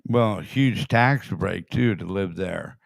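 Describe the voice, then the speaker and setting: A man's voice: low-pitched, slow pace, vocal fry, no room sound, clean studio sound. A man hosting a casual chat show, blunt and swearing freely. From California. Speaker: show host.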